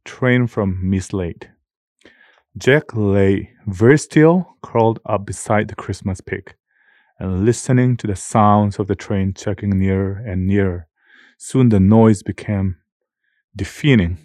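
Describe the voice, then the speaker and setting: A man narrating a children's storybook in a measured, steady way. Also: fairly low pitch, dry recording, studio quality. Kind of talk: scripted audiobook narration.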